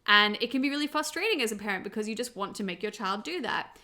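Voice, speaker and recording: Aussie mum doing a cartoon breakdown vlog, bright voice, bubbly and chatty. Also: female voice, a little high, expressive, fast talker. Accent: Australian. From Australia. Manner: chatty and upbeat, laughs easily. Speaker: show reviewer and parent. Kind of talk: casual episode breakdown vlog.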